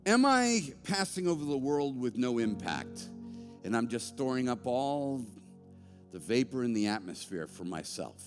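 A male pastor preaches in a conversational, animated way, his pitch swinging freely as he jokes and presses his points. His voice carries a long church-hall reverb. Soft music plays faintly behind him. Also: a little slow. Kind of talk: sermon. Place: church sanctuary.

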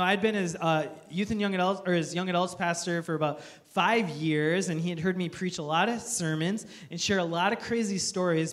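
High-voiced man preaching a sermon. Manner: lively storytelling with self-mocking humor; earnest, building emphasis. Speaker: pastor.

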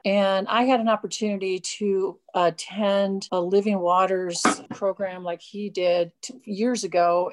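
A woman speaks as an interview guest, recounting a personal faith story. Her delivery is earnest and heartfelt, at an ordinary middle pitch.

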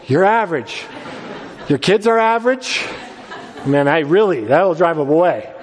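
A male pastor preaching in a loose, conversational style, stumbling over and restarting his phrases as he goes. His voice sits a little high for a man. The sound rings with the long reverb of a large hall. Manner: conversational, restarts often, quotes scripture. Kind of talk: sermon.

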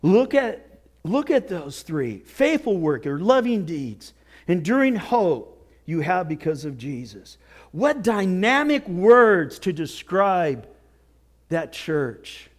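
A male pastor preaching a sermon with earnest exhortation, dropping to near whispers and rising to shouts. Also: sits high, very animated, slow. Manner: swings from hushed to shouting.

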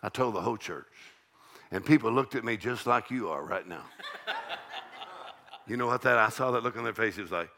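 A man's voice: on the low side, a little fast, long pauses, pushed and bright, slight background noise. An older man, a pastor preaching an evening sermon in a folksy, joking, call-and-response way.

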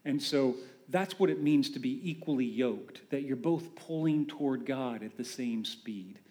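A man preaching a conversational sermon as a pastor, animated and full of rhetorical questions. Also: mid-range voice, unhurried.

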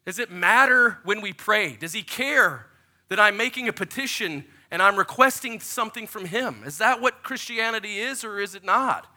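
A man in his forties, a pastor giving a sermon full of lively, joking personal stories. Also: high voice, moderate pace. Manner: animated, jokey storyteller who acts out quotes.

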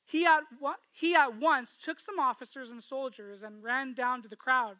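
A woman preaches a sermon in a high, bright voice, retelling the scripture story expressively and often inviting listeners to picture themselves in it. She speaks at a moderate pace, and the sound is dry and close with no room sound, though the audio is poor.

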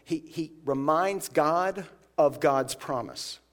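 Conversational male preacher, high voice. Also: slow, fairly bright tone. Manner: conversational, acts out scripture voices. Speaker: pastor. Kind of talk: sermon.

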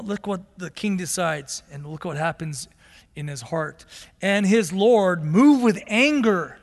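Man, pastor, sermon, animated storytelling, long reverb. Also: high-pitched, creaky. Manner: animated storytelling, acts out the characters.

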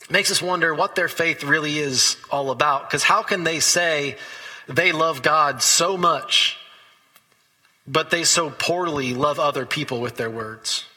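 A man's voice: fairly high pitch, a little slow, sharp tone, breathy edge, big-room sound, low-quality recording. A man preaching a sermon as pastor, talking conversationally and telling stories between scripture readings.

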